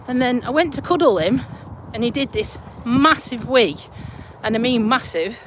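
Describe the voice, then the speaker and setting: Woman live streaming her dog walk, high voice, chatty and down to earth, talks into her phone. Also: animated, normal speed, fairly bright tone, a little hiss or hum, poor audio. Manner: chatty, down-to-earth, swears casually. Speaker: dog-walking vlogger. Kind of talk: casual live-stream chat. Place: outdoors on an urban walk. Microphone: phone held in hand.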